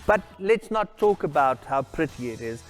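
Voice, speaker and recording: A man's voice: on the high side, sing-song, normal speed. Male product presenter, formal and salesy, light background music. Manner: formal, salesy, addresses people by name. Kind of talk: scripted product walkaround.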